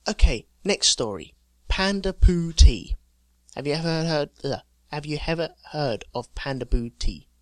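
A man's voice: a little high, lively intonation, moderate pace, hardly any pauses, no echo. Male co-host, jokey storyteller, dry close-mic sound. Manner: jokey storyteller, reading out news items with chuckles. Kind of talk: casual chat.

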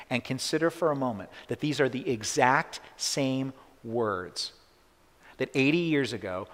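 A man's voice: mid-range voice, a bit bright. A male pastor preaching a sermon, telling a story with earnest emphasis and acting out the quoted voices. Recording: reverberant church hall.

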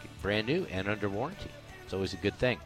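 A low-voiced man hosts a radio golf show, rambling folksily with lots of fillers. He reads ads and chats with emphatic asides, and faint music sits behind him. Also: big pitch swings, fast talker, fairly bright tone. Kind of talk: casual sports radio talk with live reads. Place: radio studio.

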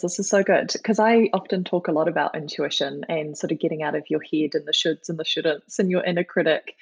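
A woman's voice: low voice, vocal fry, a little mellow, husky, dry recording. A woman hosting a podcast, an effusive and affirming interviewer. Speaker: podcast host. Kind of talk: casual podcast conversation.

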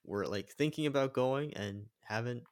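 A man's voice: medium pitch, normal speed, no echo, clean studio sound. A man from Canada chatting casually as a podcast co-host, rambling and filling his talk with "like" and "um". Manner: rambling, full of fillers and "like". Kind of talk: casual chat.

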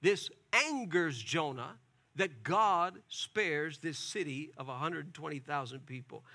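A male preacher with a high, bright voice tells a scripture story like a storyteller, lively and conversational. He drops little asides and rhetorical questions as he goes, never stiff. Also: takes it slowly. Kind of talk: expository sermon.

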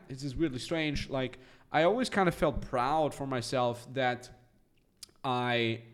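A man in his thirties, from Austria, telling stories as a podcast guest in a lively, chatty way and acting out the voices of people in them. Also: mid-range voice. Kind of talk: casual storytelling.

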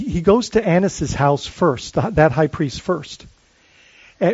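A man delivers a sermon as pastor, his voice sitting high for a man. He talks earnestly, poses question after question and often restarts his sentences. The recording is dry and a little muffled. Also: a little mellow, no room sound. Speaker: lead pastor.

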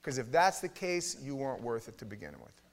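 Man, middle-aged, pastor, sermon, blunt, emphatic, mid-pitched voice. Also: lively intonation, brisk. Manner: emphatic, blunt, swings between loud and hushed. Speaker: pastor teaching a Bible study.

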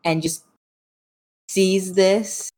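A woman narrating as game master of a tabletop role-playing game, relaxed and playful. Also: mid-range voice, very slow, slight background noise.

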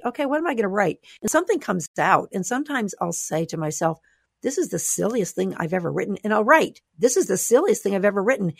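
A woman author talking as a guest in an interview, animated and expressive, sometimes playful. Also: medium pitch, dry recording, clean studio sound. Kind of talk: conversational interview.

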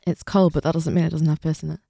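A woman's voice: sits low, flat delivery, rapid-fire, vocal fry, warm tone, no echo, studio quality. A woman co-hosting a podcast, chatting casually and explaining plot details. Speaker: podcast co-host. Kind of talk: casual chat.

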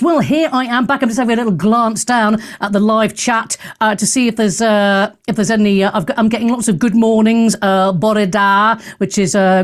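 A middle-aged woman hosting a talk radio show, giving a brash, sarcastic monologue with theatrical asides. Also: a little high.

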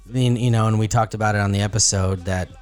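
A man co-hosting a casual podcast, joking and animated, swinging into playful voices. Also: fairly low pitch, quick pace, smooth, faint music behind. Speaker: podcast co-host.

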